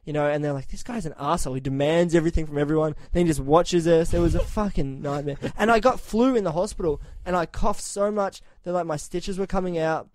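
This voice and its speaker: A man's voice: a little high, fast talker, hardly any pauses, no echo. Profane, storytelling man on a podcast. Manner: profane, animated anecdotes with quoted voices. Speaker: podcast host. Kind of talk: casual storytelling chat.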